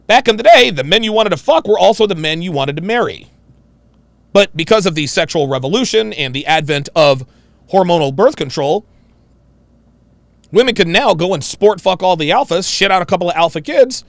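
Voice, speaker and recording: A man's voice: sits high, creaky, no room sound. A man giving mocking, emphatic reaction commentary on a played clip.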